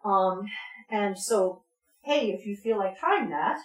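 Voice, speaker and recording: A woman at a mid pitch leads a relaxed vocal workshop, full of ums and little laughs. She breaks off now and then to sing short demonstrations. The room is echoey and roomy. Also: slow pace. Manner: chatty, laughs often, many ums, demonstrates sounds. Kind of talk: informal teaching talk with sung demonstrations. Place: community music space, roomy.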